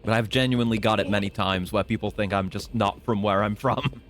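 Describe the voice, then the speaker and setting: A man's voice: fairly low pitch, steady tone, fairly quick. A British man chatting and joking loosely as he streams himself playing a game. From Britain. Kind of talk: live-stream commentary while gaming. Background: game music.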